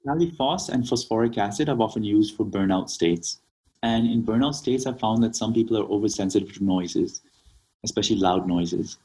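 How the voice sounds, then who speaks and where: Husky-voiced man from Kenya, explaining. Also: lowish voice, normal speed, warm tone, low-quality recording. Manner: explanatory, often adds "right?". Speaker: naturopathic doctor guest. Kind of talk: casual interview talk.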